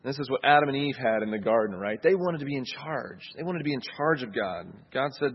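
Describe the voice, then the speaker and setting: A man's voice: medium pitch, lively intonation, fairly quick, hardly any pauses, breathy edge, highs cut off. A man preaching a sermon in a conversational way, checking in with listeners as he goes. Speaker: pastor.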